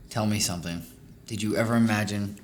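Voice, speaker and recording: A man's voice: on the low side, steady tone, fast talker, noisy background, natural voice. A young man auditioning as an actor, reading his lines stiffly and hesitantly. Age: young adult.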